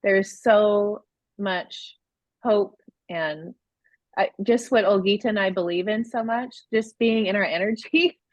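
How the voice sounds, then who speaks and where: A woman's voice: medium pitch, unhurried, no echo. A woman in her forties co-hosting a parenting course on a video call, talking in a heartfelt, rambling way with many restarts. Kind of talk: emotional casual talk on a live video course. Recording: dull lo-fi sound.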